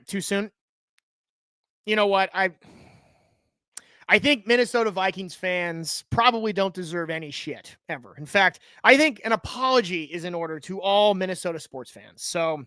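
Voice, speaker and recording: Host type, smooth clear voice, dry close sound, jokey asides, breaks off mid-thought. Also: mid-range voice, bright, forceful tone, no echo. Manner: joking asides, teases and self-interrupts. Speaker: show host. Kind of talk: live show chat with sponsor plugs.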